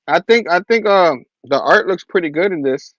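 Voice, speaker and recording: A man's voice: high-pitched, expressive, normal speed, fairly bright tone, dry recording, muffled recording. A man hosting a casual comic chat, joking and hesitant. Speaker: show host.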